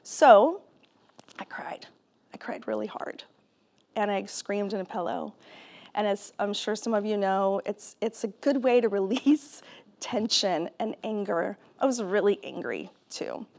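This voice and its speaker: A woman speaker telling her personal story to a live audience in a conversational, animated way, laughing often. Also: mid-range voice, unhurried, creaky. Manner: conversational, with many fillers and restarts. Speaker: keynote speaker and author.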